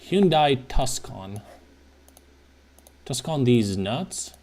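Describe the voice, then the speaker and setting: A man's voice: medium pitch, sing-song, very slow, a little mellow. A man casually thinking aloud as a streamer, slangy and profane, with sudden exclamations. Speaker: streamer browsing car listings. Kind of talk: casual live commentary.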